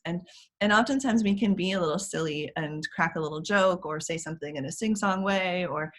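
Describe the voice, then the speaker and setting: Animated woman coach on a video call. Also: fairly low pitch, brisk. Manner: animated, acts out children's voices in sing-song tones; frequent fillers and light laughter. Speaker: parent empowerment coach. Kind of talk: casual explanatory talk as interview guest.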